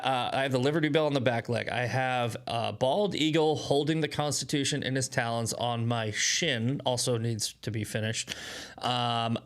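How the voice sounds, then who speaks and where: Male stream host, casual, rambling and animated, short on sleep, mid-range voice. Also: medium pitch. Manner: rambling, animated, self-mocking, lots of restarts. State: short on sleep, drinking coffee. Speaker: host of daily news commentary show. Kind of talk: casual livestream chat.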